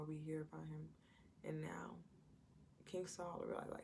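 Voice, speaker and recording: A woman's voice: low-pitched, level tone, a little slow, vocal fry, pauses often, darkish tone, a little hiss or hum. A woman giving an informal Bible teaching in a conversational way, retelling scripture stories and acting out what the people in them say. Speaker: Christian preacher.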